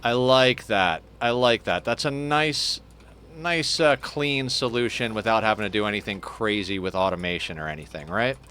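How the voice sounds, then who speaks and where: A man giving casual let's play commentary, chatty and thinking aloud, now and then cooing softly to a pet. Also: lowish voice, normal speed, slight background noise. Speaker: game streamer.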